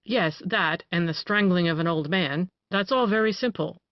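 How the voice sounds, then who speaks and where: An audiobook reader voicing a male doctor who soothes and then mocks with sharp irony, on a dry, dull recording. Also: medium pitch, animated, a little fast, dry recording, close to an everyday voice. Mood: mocking. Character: ironic, mocking male doctor.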